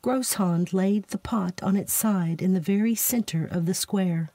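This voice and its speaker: A woman narrating a fairytale as a soft bedtime story, slow and soothing, lightly voicing the giants' lines. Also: lowish voice, no room sound.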